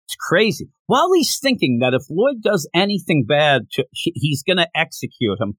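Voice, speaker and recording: A man's voice: fairly high pitch, normal speed, no room sound. A man co-hosting a podcast, recapping a manga chapter in casual chat and acting out the characters' lines as he goes. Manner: animated, acts out characters' lines mid-story. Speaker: podcast co-host.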